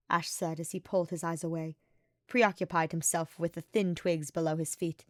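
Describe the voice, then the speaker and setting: A woman's voice: on the low side, moderate pace, no echo. Woman reading a story, dry close sound. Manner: steady, reflective reading. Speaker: podfic reader. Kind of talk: scripted fan fiction narration.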